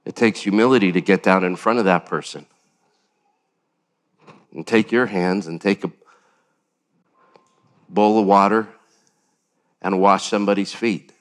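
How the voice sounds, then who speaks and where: An older man preaching a sermon as pastor, animated, with sudden jumps up in pitch and acted-out quotes. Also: measured pace, long pauses.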